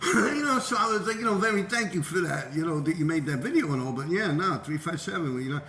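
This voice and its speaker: A middle-aged man telling a profane, animated story about his graffiti past and acting out the voices of people he quotes. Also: fairly high pitch, quick pace, echoey room, a little hiss or hum. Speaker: graffiti writer and show host. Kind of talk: casual storytelling.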